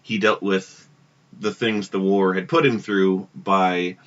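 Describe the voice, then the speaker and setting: Lo-fi, bright-voiced man telling a story. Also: sits low, fairly even intonation, slow pace. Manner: rambling, self-interrupting storyteller. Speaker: podcast co-host. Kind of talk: casual storytelling chat. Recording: dull lo-fi podcast audio.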